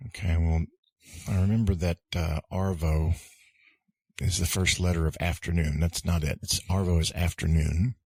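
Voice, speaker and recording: A man co-hosting a casual language-lesson podcast, relaxed and jokey. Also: low-pitched, moderate pace, breathy edge, no room sound. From United States. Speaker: podcast co-host.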